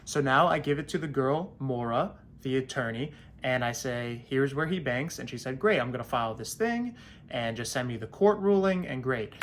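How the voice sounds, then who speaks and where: A man's voice: mid-range voice, slight background noise. A young man telling a story in casual vlog style, acting out the other people's lines and getting blunt about his landlord. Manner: animated storyteller, acts out quoted voices, blunt and petty.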